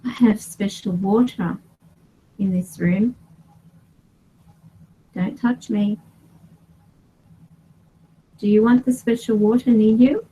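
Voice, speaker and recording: A woman's voice: medium pitch, steady tone, slow, long pauses, warm tone, husky, low-quality recording. A woman running a paranormal session for her vlog, firmly questioning and ordering unseen spirits. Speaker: paranormal investigator.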